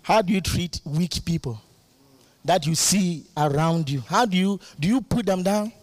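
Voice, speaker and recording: A male guest preacher giving a lively sermon, laughing often and calling out to the congregation for responses. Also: sits high, a little slow, no room sound.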